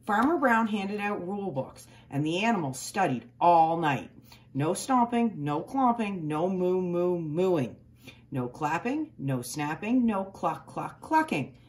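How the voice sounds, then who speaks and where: A woman reading a children's picture book aloud, with expressive, playful emphasis on the story's sound words. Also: fairly low pitch, unhurried.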